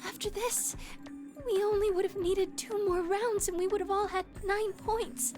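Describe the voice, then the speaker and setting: A woman voicing a soft, timid, caring young woman in a video game, with a gentle, quivering voice. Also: very high voice, steady tone, normal speed, over music. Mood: hurt.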